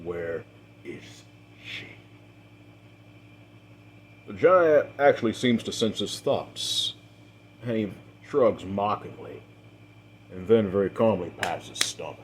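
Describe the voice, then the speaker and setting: A man acting as game master, narrating a tabletop role-play story in a measured, dramatic way with the odd filler. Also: fairly low pitch, a little hiss or hum.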